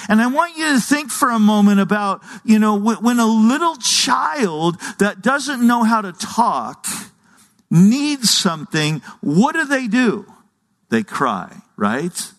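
A man's voice: sits high, big pitch swings, slow, fairly bright tone. A middle-aged man preaching a sermon, earnest and conversational, often restarting his sentences. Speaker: pastor. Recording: long hall reverb.

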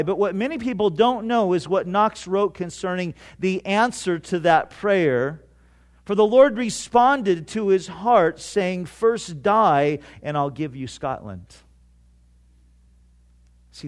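A man preaching a sermon to a congregation, emphatic, with dramatic pauses and repeated phrases. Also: sits high, lively intonation. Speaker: pastor.

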